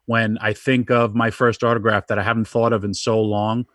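A man's voice: lowish voice, little pitch movement, moderate pace, a bit bright, dry recording, clean studio sound. A middle-aged man, a pro wrestler guest, telling rambling anecdotes with many restarts. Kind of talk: casual storytelling.

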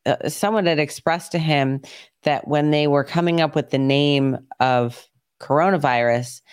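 Woman, podcast host, casual rambling chat, quick bursts, dry close sound. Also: deep voice, fairly even intonation, smooth, no room sound.

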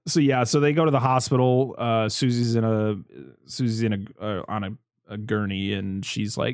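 A man hosting a casual movie review chat, recapping scenes and acting out characters in high voices. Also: moderate pace, darkish tone, no echo, studio quality.

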